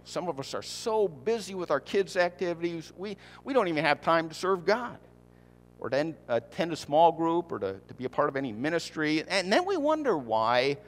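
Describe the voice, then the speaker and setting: A man's voice: on the high side, long reverb tail. A man preaching a sermon in a conversational way, repeating his key points and asking the congregation rhetorical questions. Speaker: pastor.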